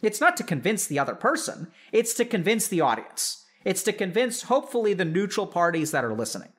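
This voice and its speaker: A man, a psychiatrist, explaining in casual chat to a live audience, animated and full of filler words. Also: high voice, brisk. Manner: animated, filler-heavy, addresses audience directly. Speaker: psychiatrist and streamer host.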